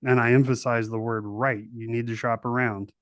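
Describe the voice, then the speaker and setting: A man's voice: medium pitch, level tone, moderate pace, fairly bright tone, no room sound, studio quality. Laid-back slangy male podcast host. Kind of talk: casual interview chat.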